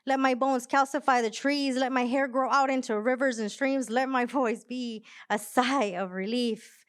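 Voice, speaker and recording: A woman poet performs her spoken word live. Her voice is smooth and resonant and sits a little high for a woman. Her delivery is measured and emphatic. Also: steady tone. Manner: soft-spoken, hesitant chat before the poem; measured, emphatic poetry recitation. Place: live venue.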